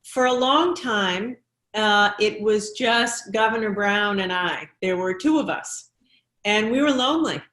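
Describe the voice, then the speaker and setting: A woman's voice: medium pitch, unhurried. Female governor hosting a panel, upbeat, recorded in an echoey room. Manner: upbeat, warm praise, occasional restarts. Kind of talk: moderating a panel.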